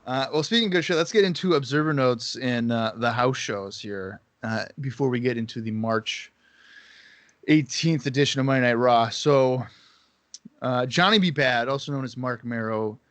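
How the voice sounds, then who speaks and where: A man's voice: medium pitch, fairly bright tone, no echo. Guy cohosting a wrestling pod, swears a lot, dry close mic. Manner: swearing, storytelling, quick asides. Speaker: podcast co-host. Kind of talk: casual chat.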